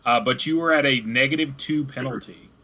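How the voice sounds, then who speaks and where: A man's voice: medium pitch, brisk, pushed and bright. A man narrating a tabletop game as game master, in a loose way full of likes and ums.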